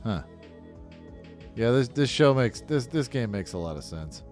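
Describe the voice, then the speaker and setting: Man, casual let's-play commentary, profane, rambling, mid-pitched voice, faint background music. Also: lively intonation, a little slow, darkish tone. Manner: rambling, profane, blunt opinions. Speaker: gaming video host.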